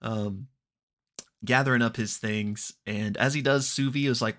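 A man hosting a podcast, casually recapping an actual-play episode with many ums and quick acted-out quotes. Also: medium pitch. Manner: relaxed, unhurried retelling with frequent ums and throat clearing; briefly acts out characters' lines in quoted voices.

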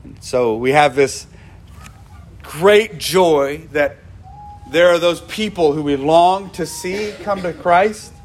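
A man preaching a sermon as pastor, conversational, with asides and self-corrections. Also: fairly high pitch.

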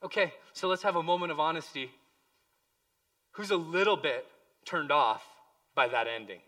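A man preaching a sermon as pastor, impassioned, moving between hushed pleading and loud emphasis. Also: fairly high pitch, normal speed, far from the mic.

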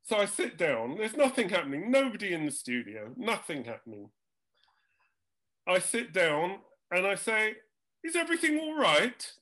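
A man's voice: high-pitched, big pitch swings, moderate pace, a bit bright. An older man, a jingle composer, tells studio stories in a chatty talk show. He has dry comic timing and acts out other people's lines. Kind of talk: anecdotal storytelling chat.

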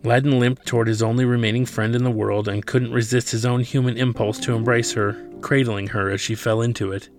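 A man, the author, reading his own novel aloud in a steady, measured way. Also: mid-range voice, soft background music.

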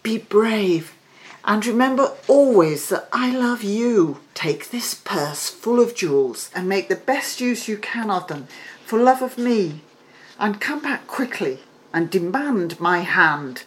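A woman's voice: medium pitch, lively intonation, slow pace, voice pushed up. A woman voicing a sixteen-year-old princess in a fairy tale reading. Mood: tender. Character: young princess, sixteen, defiant and in love.

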